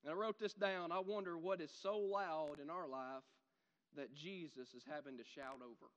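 Fiery high-voiced male preacher. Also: normal speed, big-room sound, dull audio. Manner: animated preaching with sudden loud shouts and quiet drops. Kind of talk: sermon.

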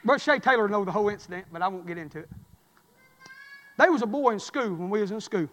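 A man preaching a sermon, telling folksy stories and swinging from loud cries to low murmurs. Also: animated, fast, long reverb tail, soft background music.

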